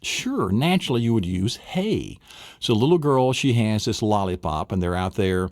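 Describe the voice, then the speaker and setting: Man, memory course teacher, lively swooping pitch, dry close sound, cheering the listener on. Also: moderate pace, no echo. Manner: enthusiastic, coaching, drills the listener. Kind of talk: motivational recorded lesson.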